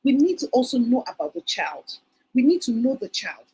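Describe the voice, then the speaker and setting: A woman speaks at a conference hall, giving a parenting talk full of stories in which she acts out what parents say. Her voice is on the high side and sing-song, at a moderate pace, darkish and husky, on a low-quality recording.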